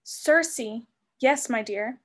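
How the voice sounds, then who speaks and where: A vain, sweetly menacing sorceress put on by a woman reading a storybook aloud. She coos and purrs in a honeyed, theatrical way, her voice sitting fairly high. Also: extremely slow. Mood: grand, scheming.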